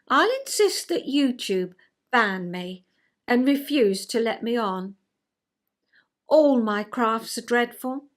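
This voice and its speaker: Older woman, vlogger, self-mocking and chatty, unhurried delivery. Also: on the high side. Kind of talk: reading a rhyming poem, then casual chat.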